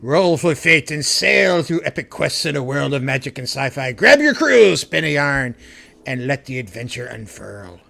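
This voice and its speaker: A man putting on a pirate voice for a quick bit, with a growl and rolling delivery. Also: mid-range voice, big pitch swings, vocal fry, sharp tone, exaggerated voice. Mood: swaggering. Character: hearty male pirate describing games.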